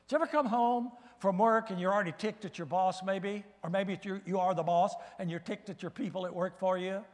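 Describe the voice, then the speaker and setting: An older man preaching a sermon in a fairly high voice, mixing scripture with folksy, humorous stories. The sound carries a long church reverb. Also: fairly even intonation, a little fast. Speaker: guest preacher. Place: church sanctuary.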